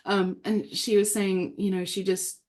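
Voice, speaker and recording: A woman, an author appearing as a guest, chatting casually on a podcast in an animated, rambling way with plenty of fillers. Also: mid-range voice, measured pace, a crowd in the background.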